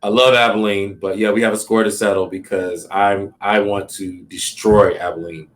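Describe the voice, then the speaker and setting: A man's voice: on the low side, fairly even intonation, normal speed. A man, a comedian, telling stories in a casual, rambling interview and checking in with "you know what I mean" often. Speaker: comedian guest. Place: Los Angeles.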